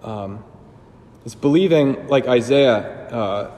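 A man's voice: mid-range voice, slow pace, reverberant, long reverb tail, background noise. A man giving a sermon as a priest, talking casually and conversationally with fillers and joking asides.

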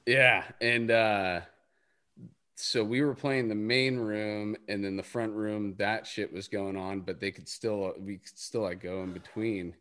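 A man's voice: lowish voice, fairly even intonation, measured pace, bright, forceful tone. A man hosting a podcast, telling a story in loose, rambling casual chat full of fillers and swearing.

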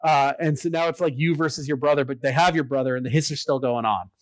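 An excitable man in casual chat, walking through a video game story with plenty of filler words and the odd curse. His voice sits a bit high for a man and sounds close and dry, with no room around it. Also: fast, no room sound, rough recording. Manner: excitable, swears, lots of fillers. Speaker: podcast co-host recapping a video game.

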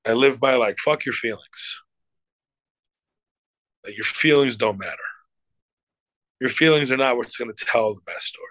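A man's voice: medium pitch, fairly quick, fairly bright tone, no room sound, poor audio. A middle-aged man, an actor and showrunner, answering interview questions in a loose, emphatic way, swearing freely and using many fillers.

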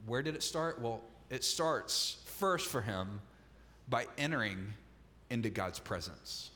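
A man's voice: fairly high pitch, a bit bright. Preaching man in a reverberant sanctuary. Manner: conversational preaching with humorous asides. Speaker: pastor. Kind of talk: sermon. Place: church sanctuary.

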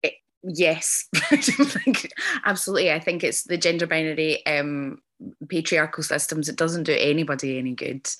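A woman's voice: sits low, normal speed, a bit bright. A woman hosting a podcast interview, talking earnestly and effusively with many ums and restarts. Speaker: podcast host. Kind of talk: casual interview chat.

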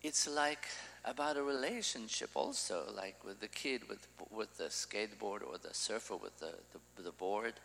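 A man's voice: on the low side, moderate pace, vocal fry, pushed and bright, in a large hall, a little hiss or hum, rough recording. A man preaching an informal sermon, talking in a loose, conversational way and often restarting his sentences.

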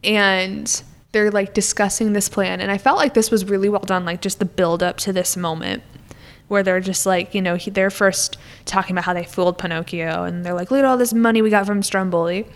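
A woman's voice: medium pitch, flat delivery, moderate pace, creaky. A woman co-hosting a podcast in a casual film discussion, chatty and full of "like" as she retells scenes.

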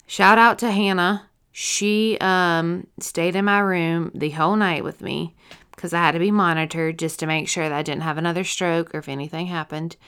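A young woman gives a halting personal testimony, her lowish voice smooth and resonant even as she breaks off and restarts. She sounds teary and worn out, yawning between thoughts. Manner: emotional, halting, with many fillers and restarts. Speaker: stroke survivor sharing her story.

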